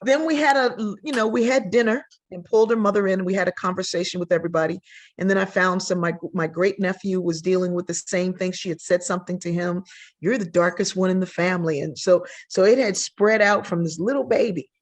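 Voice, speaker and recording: Older woman telling lively stories. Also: lowish voice, brisk. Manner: animated, acts out quoted voices. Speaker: guest sociologist. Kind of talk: storytelling in a podcast interview.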